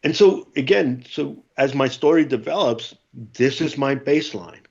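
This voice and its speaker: A middle-aged man, a former Marine, telling stories in a casual interview, animated and acting out what others said. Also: medium pitch, unhurried, vocal fry, slightly rough, highs cut off. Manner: animated storyteller, acts out quotes. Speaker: podcast guest, former Marine.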